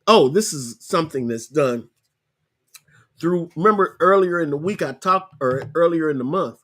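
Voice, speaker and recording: A man's voice: a little high, expressive, fairly bright tone. Chatty man walking through a screen tutorial. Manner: chatty, repeats himself, spells things out slowly. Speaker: podcast host. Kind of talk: casual screen-share tutorial.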